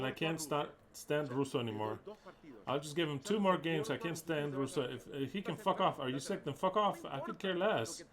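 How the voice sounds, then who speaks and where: A man on an angry, profane rant, speaking with heat and scorn. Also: on the high side. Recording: crowd audible behind.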